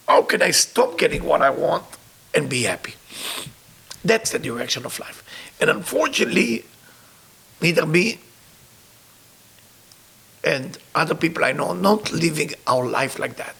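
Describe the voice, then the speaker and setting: A male spiritual teacher telling a story in broken English, his voice gravelly and husky. His pitch rises and falls a lot, with a bright edge. He sounds emotional and earnest. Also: lively intonation, a little slow, pauses often. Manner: emotional storyteller, non-native grammar. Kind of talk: storytelling sermon.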